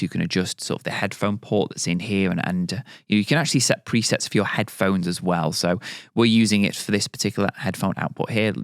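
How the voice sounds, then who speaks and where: A man's voice: on the low side, smooth, no room sound, studio quality. A man giving a casual product tutorial on audio gear, talking in a loose, chatty way with lots of fillers and restarts.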